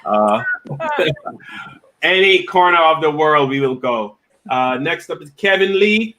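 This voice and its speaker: A man's voice: fairly high pitch, animated, takes it slowly, background noise. A man hosting a comedy talk show in casual chat, joking and laughing often with plenty of fillers.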